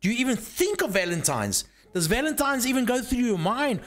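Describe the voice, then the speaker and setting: A man's voice: extremely high pitch, big pitch swings, brisk, fairly bright tone. A man chatting casually and teasingly on a live stream, swearing freely while working on hardware.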